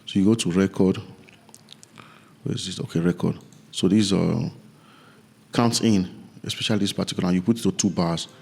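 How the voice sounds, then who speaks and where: A man teaching music recording software in a loose, rambling tutorial with many restarts, from a home studio. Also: sits low, fairly even intonation, a little fast, gravelly, long pauses, husky.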